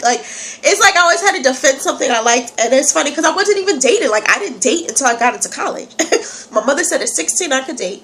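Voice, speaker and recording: A woman's voice: high-pitched, lively intonation, fast, fairly bright tone, a little hiss or hum. A young woman from New York with a slight Southern country accent and a stuffy nose, chatting animatedly to her phone camera and digressing often. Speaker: vlogger. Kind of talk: casual talk to camera.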